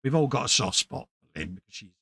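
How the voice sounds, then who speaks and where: A man's voice: medium pitch, very animated, quick pace, a bit bright, husky, no room sound. A British man co-hosting a casual late-night chat, bantering and telling stories with acted-out quotes. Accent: British English. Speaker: co-host.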